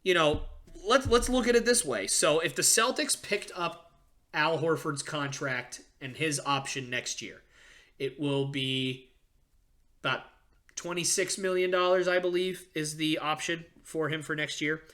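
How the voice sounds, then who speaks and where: A young man hosting a casual sports podcast, ranting excitedly with frequent fillers and restarts. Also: on the high side, measured pace. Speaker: podcast host.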